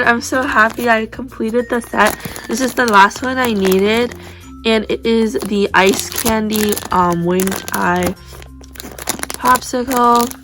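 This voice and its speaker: A young woman chatting casually as she unboxes squishy toys, gushing and gasping with excitement. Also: medium pitch, slow pace, noisy background. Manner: excitable, gushing, breathless gasps.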